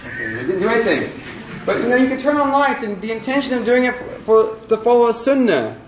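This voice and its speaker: A man's voice: very high voice, sing-song, fast talker, a little hiss or hum. Man teaching in an echoey lecture room. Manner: digressive, conversational, joking asides. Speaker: religious teacher. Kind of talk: lecture with humor.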